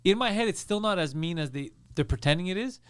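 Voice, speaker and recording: Fast-talking high-voiced man telling stories. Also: clean tone, no room sound, studio quality. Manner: rambling, animated, acts out voices in stories. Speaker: podcast co-host. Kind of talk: casual storytelling chat.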